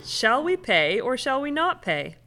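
A woman reading Bible passages aloud in a steady, measured way during a study session. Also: high voice. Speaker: scripture reader.

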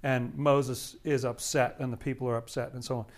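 A man leading an informal Bible study, commenting on the readings in a chatty, halting way with fillers, restarts and chuckles. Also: mid-range voice, little pitch movement.

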